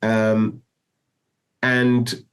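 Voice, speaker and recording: A middle-aged guest musician tells a long story in a casual interview, rambling, restarting often, and saying "do you know what I mean." His fairly low voice is monotone and extremely slow.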